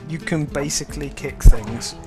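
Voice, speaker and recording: A man casually commenting on a game he is playing, hesitant and full of ums. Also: on the high side. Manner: hesitant, many ums, drawn-out pauses. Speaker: let's play host. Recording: loud game music under voice. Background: game music.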